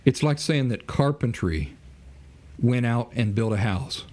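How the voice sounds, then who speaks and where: A man's voice: medium pitch, expressive, a little slow, darkish tone. A man hosting a podcast, lecturing in a monologue full of rhetorical questions and acted-out mock exchanges. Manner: asks rhetorical questions and acts out mock dialogue. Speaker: podcast host.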